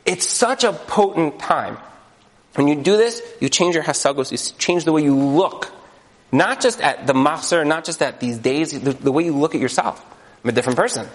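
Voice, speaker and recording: A man delivers a sermon with an animated, storytelling delivery, his voice sitting high and swinging widely in pitch. He acts out the voices of the people in his stories. Long reverb from the hall trails after his words. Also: normal speed. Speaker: rabbi.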